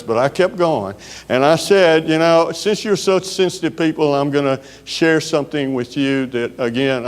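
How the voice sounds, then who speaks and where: A man with a Southern US accent delivers a keynote in a folksy, storytelling manner, pausing often on fillers. His voice is smooth and resonant, with a long reverb trailing off the walls of a large conference hall. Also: mid-range voice. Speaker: keynote speaker.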